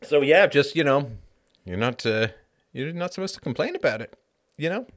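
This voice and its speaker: A man's voice: a little high, animated, normal speed. A man hosting a livestream show, talking casually in a sarcastic, mocking way and breaking into fits of laughter. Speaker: host of a call-in livestream show. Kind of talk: casual monologue.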